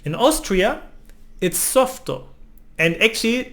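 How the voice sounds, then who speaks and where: German-accented male teacher, slightly high voice, explanatory, keeps asking "no?". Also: big pitch swings, a little slow. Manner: ends phrases with a questioning "no?". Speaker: language teacher. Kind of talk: explaining lesson.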